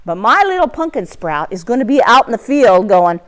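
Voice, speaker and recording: A woman teaching young children in a lively, sing-song way, talking right to them. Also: a little high, moderate pace, very noisy. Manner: animated, sing-song, talks to the kids. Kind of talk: children's lesson. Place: barn.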